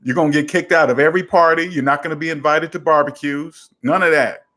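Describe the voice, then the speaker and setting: A personal finance coach hosting his own show speaks in a slightly high voice with fairly even intonation, a quick pace, and a sharp tone. In a casual talk, he advises a listener emphatically and repetitively, returning again and again to one simple formula.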